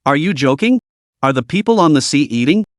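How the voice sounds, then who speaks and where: A man voicing a huge, short-tempered giant in crimson armor who speaks gruffly and impatiently, in a lively voice on a dry recording. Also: a little high, brisk, dry recording, lightly acted.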